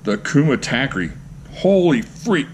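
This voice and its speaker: Man, vlog host, excitable, gushing, joking, mid-pitched voice, faint background noise. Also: measured pace. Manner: excitable, gushing exclamations and goofy jokes. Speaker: knife collector, channel host. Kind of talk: casual show-and-tell vlog.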